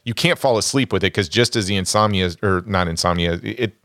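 A lower-pitched man speaks in a dry, close-miked recording. He is a podcast co-host giving blunt, opinionated takes on films in casual chat. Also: brisk, a bit bright, no echo.

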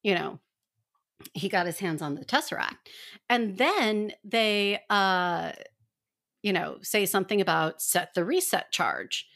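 Animated woman podcast co-host. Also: mid-range voice, measured pace, gravelly. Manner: animated, acts out characters' lines in quotes. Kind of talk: casual fan discussion.

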